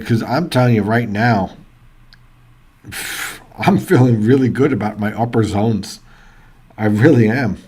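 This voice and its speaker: A man hosting live weather coverage, chatty and excitable, thinking out loud as reports come in. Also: on the low side, husky. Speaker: weather livestream host. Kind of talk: casual live weather commentary.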